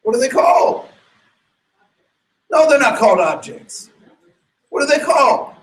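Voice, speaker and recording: A man giving an animated, emphatic sermon-like talk to an audience, full of rhetorical questions and restarts. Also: very high voice, unhurried, echoey room, low-quality recording. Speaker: speaker addressing an audience.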